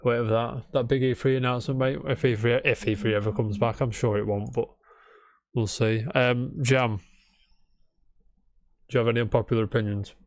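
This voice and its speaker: A man's voice: mid-range voice, fairly even intonation, brisk. A young British man co-hosting a casual gaming podcast, bantering and swearing now and then. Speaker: podcast co-host. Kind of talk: casual chat.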